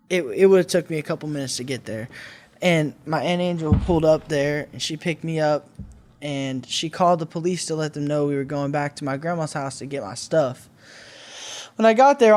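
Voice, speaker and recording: A man in his twenties, a podcast guest, telling his own life story in a candid, conversational way with some restarts. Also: fairly high pitch. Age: 20s. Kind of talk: personal storytelling.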